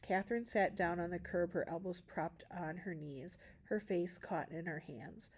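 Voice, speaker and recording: A woman reading a novel aloud for a school class, narrating calmly with small shifts of voice for the characters. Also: lowish voice, measured pace, breathy edge. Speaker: reader.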